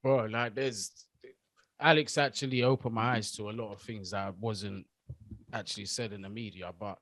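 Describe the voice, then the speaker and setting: Measured man, dry close sound. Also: fairly low pitch, steady tone, a bit bright, no echo. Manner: measured, reflective. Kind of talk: casual chat.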